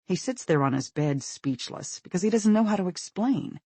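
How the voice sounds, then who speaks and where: Male audiobook narrator, expressive and husky, dry close recording. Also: high-pitched, moderate pace, no room sound.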